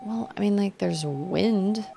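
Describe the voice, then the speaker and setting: A young woman streaming a video game and chatting casually with her viewers, giggling often and greeting them in high, bright bursts. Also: slow pace, creaky, a little hiss or hum. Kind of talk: casual live-stream chat.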